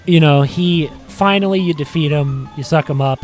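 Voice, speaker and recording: A man's voice: fairly high pitch, normal speed, few pauses, darkish tone, soft background music. A man hosting a podcast, rambling casually and filling his talk with "like" and "you know". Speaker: podcast host. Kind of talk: casual retrospective monologue. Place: in front of a green screen.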